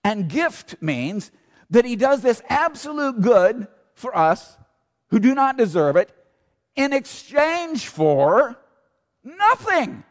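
Emphatic high-voiced pastor in a reverberant church. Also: male voice, sing-song, slow pace. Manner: emphatic, rhetorical questions, repeats key phrases. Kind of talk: sermon. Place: church sanctuary.

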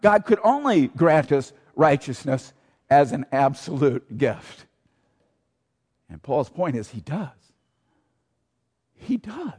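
A man's voice: fairly high pitch, very animated, slow pace, long pauses, darkish tone, husky. A man preaching a sermon as pastor, emphatic, asking rhetorical questions and repeating key phrases. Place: church sanctuary. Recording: long church reverb.

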